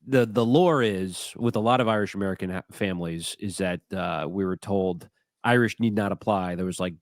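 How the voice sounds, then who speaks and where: A man's voice: low voice, normal speed, dry recording, clean studio sound. A man co-hosting a podcast in casual chat, telling rambling, self-deprecating stories. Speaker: podcast co-host.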